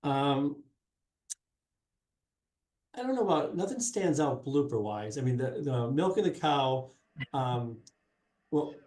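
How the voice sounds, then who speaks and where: A middle-aged man talks loosely as a guest, padding his thoughts with fillers and restarting sentences. His voice is mellow and dark, and it is recorded in an echoey room. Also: mid-range voice, sing-song, slow, long pauses. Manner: rambling, many fillers and restarts. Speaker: guest, sports marketing specialist and former TV reporter. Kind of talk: casual interview chat. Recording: roomy echo.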